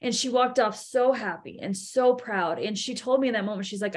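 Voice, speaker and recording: A woman in her thirties, a podcast guest, telling stories about her daughters in an animated way and acting out what people said. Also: a little high, moderate pace, few pauses. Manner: animated storytelling, acts out quotes. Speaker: podcast guest, event co-founder. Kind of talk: casual interview chat.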